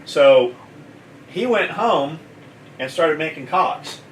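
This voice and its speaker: A man's voice: a little high, lively intonation, takes it slowly, slight background noise. A man who owns a gear company, telling a story in casual chat, blunt and full of swearing. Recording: echoey room, mic at a distance, faint kitchen clatter.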